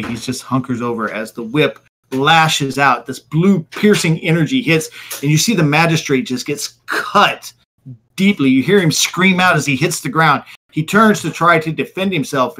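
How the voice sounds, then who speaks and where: A man's voice: a little high, a bit bright. A man narrating as game master, vividly describing scenes with occasional fillers.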